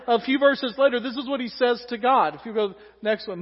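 A male pastor preaching a sermon, animated, acting out quoted voices and joking with the congregation. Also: very high-pitched, quick pace, hardly any pauses. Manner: animated, acts out quoted voices, humorous asides to the audience. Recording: dull recording with long hall reverb.

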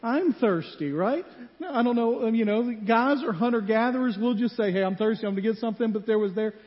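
A man's voice: sits high, fast talker. A male pastor preaching a sermon in a church, telling stories and acting out the voices in them. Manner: animated storytelling, acts out voices in quotes. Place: church sanctuary. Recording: muffled hall with long reverb.

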